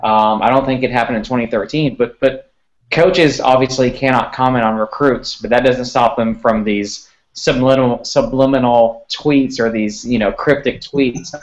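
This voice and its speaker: A man's voice: mid-range voice, steady tone, normal speed, lo-fi sound. A man who covers sports recruiting, chatting casually and restarting his sentences as he thinks. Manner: conversational, repeats words while thinking. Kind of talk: casual podcast chat.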